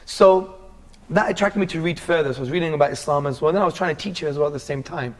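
A man's voice: a little high, quick pace. A man in his forties from England, earnestly telling his life story as a guest in a casual interview and calling the host bro.

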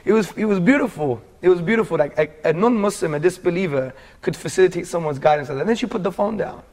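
Guy in his 40s telling his story, fairly high voice, animated and earnest, keeps saying bro. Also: fast. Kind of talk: casual storytelling chat.

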